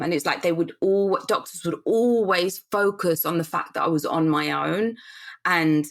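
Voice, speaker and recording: Gravelly-voiced woman telling her story. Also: on the low side, moderate pace. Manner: earnest, rambling with restarts and reenacted quotes. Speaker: podcast guest, business founder. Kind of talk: candid conversational storytelling.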